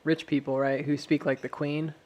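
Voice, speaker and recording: A man's voice: fairly high pitch, flat delivery, moderate pace, darkish tone, highs cut off. An American man hosting a live stream from home, chatting casually, rambling and laughing often at his own jokes.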